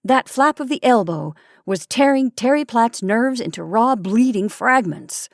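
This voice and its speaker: Woman, story narrator, expressive, measured, dry recording. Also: fairly high pitch, no echo. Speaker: storytime podcast host. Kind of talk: reading a classic short story aloud.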